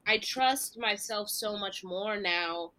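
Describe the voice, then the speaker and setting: This podcast host and comedian, from Delaware County in the Philadelphia area, leads a casual chat, earnest and reflective, thinking aloud in long runs. Her mid-range voice has a sharp tone and a slow pace.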